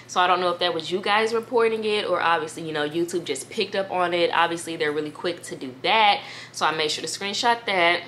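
Young woman, chatty YouTuber, bright sharp tone, fairly low pitch, faint background hiss. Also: brisk, few pauses. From United States. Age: 20s. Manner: chatty, animated, addresses viewers as "girl"; reads emails aloud, trails off with "da, da, da". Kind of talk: casual chat to camera.

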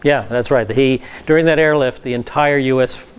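A man's voice: mid-range voice, fairly even intonation, moderate pace. A man, a pastor, teaching a Bible class in a conversational lecture style, with frequent fillers and repeated words.

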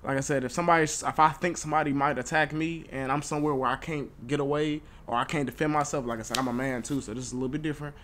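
A man's voice: fairly high pitch, fairly even intonation, rapid-fire, hardly any pauses, fairly bright tone, slight background noise. A young man hosting a reaction video, joking bluntly and swearing in casual commentary. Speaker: YouTube reaction host.

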